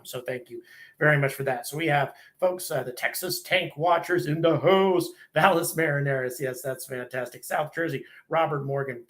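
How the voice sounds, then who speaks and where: A man's voice: mid-range voice, a bit bright. An American man hosting a casual live stream, reading out viewers' locations and thanking them one by one, with frequent ums and restarts.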